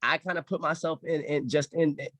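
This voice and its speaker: A man's voice: on the high side, steady tone, brisk, a bit bright, no echo. Sensitive man, hesitant and moved. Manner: emotional, hesitant, casual. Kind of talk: podcast conversation.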